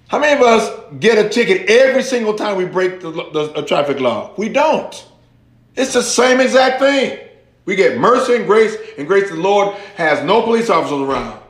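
A man's voice: high-pitched, normal speed, echoey room. A man preaching a sermon, telling a story and acting out the voices of the people in it. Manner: animated storytelling, acts out quoted voices. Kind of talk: sermon illustration.

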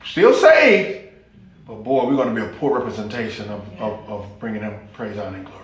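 A man's voice: fairly low pitch, very animated, fairly quick, very echoey. A man preaching a sermon as pastor, folksy and humorous, with rising exclamations.

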